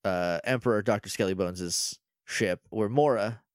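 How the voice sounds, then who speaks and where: A man co-hosting a casual podcast, recapping a TV episode in lively conversation. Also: on the low side, a little slow, clean tone, dry recording, clean studio sound. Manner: lively, animated, acts out lines from the show. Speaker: podcast co-host.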